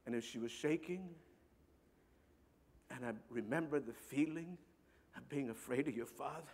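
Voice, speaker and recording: A middle-aged man telling a personal story to an audience in an earnest, halting way, often repeating words. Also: mid-range voice, a little mellow, slightly rough. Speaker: speaker. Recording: long hall reverb.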